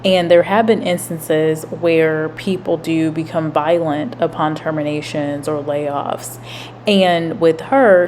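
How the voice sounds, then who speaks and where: A woman hosting a commentary video, explaining workplace rules in a measured way. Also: low-pitched, darkish tone, slight background noise. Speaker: commentary host. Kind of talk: reaction commentary.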